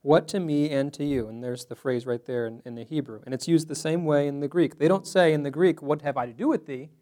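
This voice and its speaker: A man's voice: a little high, brisk, warm tone. A man teaching a Bible study class to a small group in a room, talking conversationally and asking the group questions.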